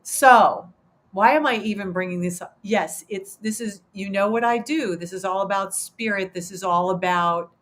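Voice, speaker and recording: A woman's voice: medium pitch, normal speed, fairly bright tone. A woman in her fifties hosting a casual livestream chat, talking in an emotional, rambling way with many restarts and fillers. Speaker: host.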